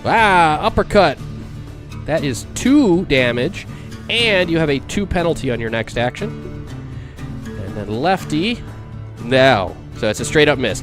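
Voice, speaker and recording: Casual male game master. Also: medium pitch. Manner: casual, halting, repeats words. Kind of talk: narrating a tabletop game.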